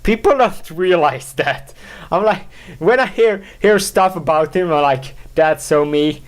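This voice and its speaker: A man hosting a solo podcast, talking in a rambling, halting way, full of fillers, restarts and self-mocking asides. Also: high voice, animated. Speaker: podcast host.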